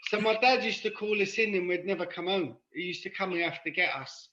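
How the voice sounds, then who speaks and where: A man's voice: sits high, fairly quick, noisy background. A man with a London accent, raised in London after being born in Ireland, telling stories as a podcast guest in a rambling, casual way. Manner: rambling, often asks "do you know what I mean". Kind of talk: casual conversational storytelling. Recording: dull lo-fi sound.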